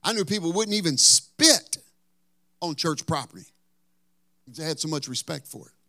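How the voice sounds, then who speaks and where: A man preaching a sermon, telling a story and then pressing his point, at times rising to loud outbursts and at times dropping to a whisper. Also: fairly high pitch, animated, moderate pace, vocal fry, dry recording, clean studio sound. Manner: drops to a whisper for emphasis. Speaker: pastor.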